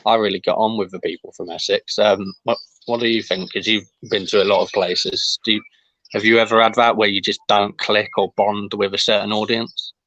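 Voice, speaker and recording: A relaxed man hosts a podcast and keeps the questions coming. His voice is a little low and recorded dry and close. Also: brisk, dry recording, rough recording. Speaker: podcast host. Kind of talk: casual podcast chat.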